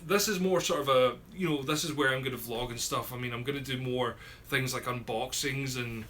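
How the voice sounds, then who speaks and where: Chatty Scottish man, bright voice. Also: medium pitch, a little fast, a little hiss or hum. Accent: Scottish, southwest coast near Glasgow. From Scotland. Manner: chatty, many fillers and repeated words, reads viewers' comments aloud. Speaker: YouTuber hosting a live chat. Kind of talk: casual live-stream chat reading comments.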